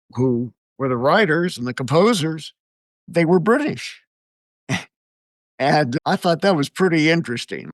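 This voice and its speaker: Older American man, animated storyteller, lively pitch, dry close sound. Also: dry recording. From United States. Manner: animated storyteller, chuckles often. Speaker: guest, exorcist. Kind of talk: storytelling interview answers.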